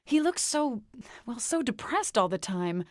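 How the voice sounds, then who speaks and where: Young farmer woman, stubborn and defensive, hesitant pauses, fairly high voice, dry studio sound. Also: very animated, no echo. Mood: concerned. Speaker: game companion character. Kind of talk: video game voice acting.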